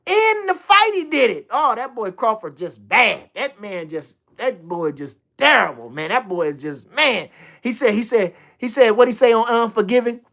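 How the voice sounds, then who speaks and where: Fired up guy on a phone livestream, kinda high voice, keeps repeating himself and cussing. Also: animated, normal speed, vocal fry, fairly bright tone. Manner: hyped, repeats phrases, swears freely. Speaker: livestream host talking boxing. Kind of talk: casual livestream chat.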